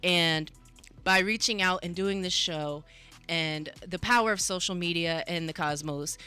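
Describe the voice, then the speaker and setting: Woman radio host, bright, forceful voice, chatty, laughs often, faint music behind. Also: on the low side, a little slow, clean tone. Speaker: radio show host and mental health advocate. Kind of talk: casual radio chat.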